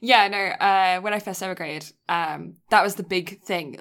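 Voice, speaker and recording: A woman's voice: fairly low pitch, normal speed, a bit bright. A young woman from England chats on a podcast, her English accent mixed with a North American one. She teases her friend playfully and laughs often as she talks. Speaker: podcast co-host. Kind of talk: casual chat.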